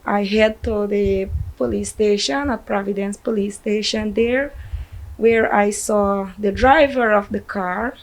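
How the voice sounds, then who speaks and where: A grieving mother with a Guyanese accent, telling a news reporter what happened in a halting, distraught voice. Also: mid-range voice, fairly even intonation, rough recording. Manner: distraught, halting retelling with shaky drops in volume. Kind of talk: emotional news interview.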